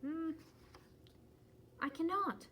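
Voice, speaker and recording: A woman's voice: extremely high pitch, very slow, exaggerated voice. A woman voicing an anxious, cautious male elephant in a children's storybook read-aloud. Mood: puzzled. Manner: worried, fretful, rises to loud alarm.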